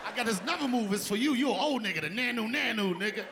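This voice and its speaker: A man doing a crude, loud stand-up routine, laughing and shouting as he riffs and mimics sounds. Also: high voice, animated, fast talker, background noise. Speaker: stand-up comedian.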